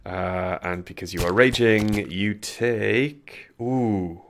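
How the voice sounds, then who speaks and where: A man's voice: fairly low pitch, gravelly, slight background noise. A man running a tabletop game as game master, narrating combat and giving rulings with frequent fillers. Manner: measured, hesitant with fillers between rulings.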